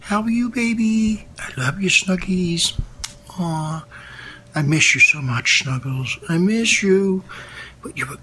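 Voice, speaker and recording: A man talking softly to his cat in cooing, singsong baby talk, on a tape played on air. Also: sits high, slow, a little hiss or hum. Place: home recording played on air.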